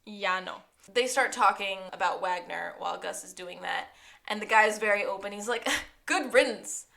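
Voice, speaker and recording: Brief: podcast co-host, woman, mid-pitched, animated recap voice that acts out every character's line. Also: moderate pace, gravelly. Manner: animated, acts out characters' lines while recapping, laughs often. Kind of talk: casual rewatch podcast recap.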